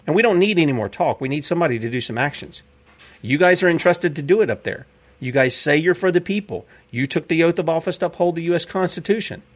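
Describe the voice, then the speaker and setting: An emphatic man delivers opinionated commentary as a show host. His voice sits a little high and swings widely in pitch, and he hammers home points by repeating them. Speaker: podcast host.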